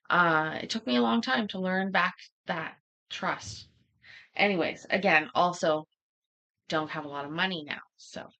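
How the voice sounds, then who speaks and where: A woman with a lowish, slightly slow, creaky voice and a sharp tone hosts a casual livestream chat, where the highs are cut off. She tells stories laced with heavy profanity and acts out the voices of the people she quotes.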